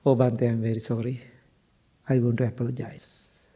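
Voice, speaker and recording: A woman's voice: low-pitched, moderate pace, warm tone. A man voicing a distressed woman visitor who is tearful and pleading, apologetic and hurt by turns. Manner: apologetic, then hurt and insistent.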